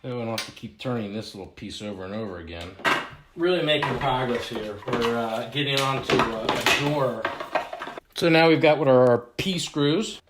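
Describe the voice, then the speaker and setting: A young man hosting a do-it-yourself video, with a mock-serious, deadpan humor as he assembles a kit. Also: medium pitch, moderate pace, roomy sound, heavy background noise. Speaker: realtor hosting a home renovation video. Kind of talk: joking do-it-yourself walkthrough.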